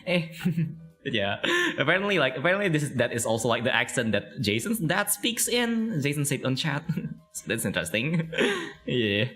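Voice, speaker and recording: A man's voice: medium pitch, sing-song, moderate pace, pushed and bright, faint music behind. A young man from Malaysia interviewing a guest in casual chat, full of fillers and frequent laughter. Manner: chatty, laughs often, many fillers. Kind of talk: casual video-call chat.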